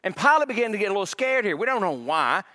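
A man preaching a sermon with a dramatic, emphatic delivery, his intensity building as he repeats phrases. His voice is bright and forceful and sits a little higher than most men's. The sound rings out with the long reverb of a large hall. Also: sing-song, fast. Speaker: pastor.

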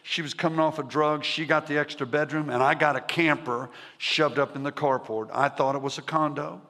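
A man in his seventies preaching a personal testimony sermon, telling his story emphatically with dramatic pauses. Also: a little high, steady tone, pushed and bright. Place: large church sanctuary. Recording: long reverb of a large hall.

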